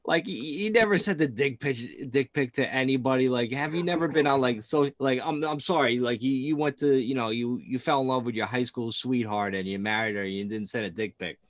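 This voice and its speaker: A man's voice: medium pitch, brisk, hardly any pauses, no echo, clean studio sound. A man co-hosting a casual sports podcast, rambling and profane, full of fillers and laughs. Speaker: podcast co-host.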